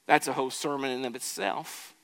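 A man's voice: medium pitch, steady tone, brisk, vocal fry, fairly bright tone, long reverb tail. A man preaching a sermon in earnest, building to emphatic swells and often restarting his phrases. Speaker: pastor.

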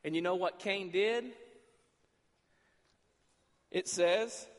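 A man preaching a sermon as pastor, acting out dialogue between God and the listeners, swinging from loud to quiet. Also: high voice, very slow. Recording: long reverb in a large hall.

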